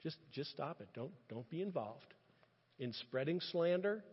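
A man preaching a sermon in an impassioned, animated way, often restarting his phrases. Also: on the high side, a little slow, husky. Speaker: pastor. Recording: muffled sound with long reverb.

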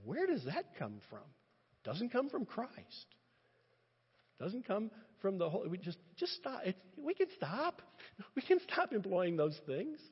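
A man preaching a sermon in an impassioned, animated way, often restarting his phrases. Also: sits high, a little slow, slightly rough. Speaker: pastor. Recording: muffled sound with long reverb.

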